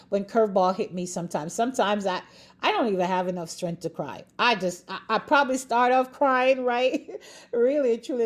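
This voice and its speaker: A woman giving a faith-based motivational talk, speaking straight to the listener, laughing often and repeating phrases for emphasis. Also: mid-range voice. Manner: expressive, laughs often, encouraging.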